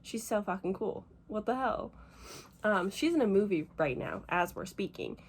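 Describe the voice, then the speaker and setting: A young woman from the United States, a book vlogger chatting casually and gushing emotionally, rambling fast with lots of fillers while teary. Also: medium pitch, lively intonation, slight background noise. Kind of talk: casual vlog chat.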